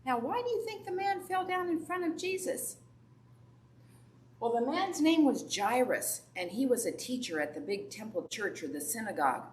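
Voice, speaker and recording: A woman's voice: on the high side, animated, normal speed. A woman Sunday school teacher telling a Bible story to children and asking them questions. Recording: echoey room from far off, faint background noise.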